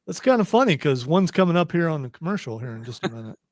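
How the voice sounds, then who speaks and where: A man's voice: on the high side, sing-song, fast, no room sound, studio quality. A man hosting a radio show, joking through casual on-air banter. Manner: joking, playful, breaks into shouts.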